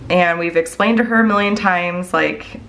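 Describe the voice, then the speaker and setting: A woman's voice: on the low side, moderate pace, gravelly, fairly bright tone, slight background noise. A woman vlogger and mom chatting casually to her viewers. She rambles candidly and sounds worried, filling her talk with "like" and "I don't know.".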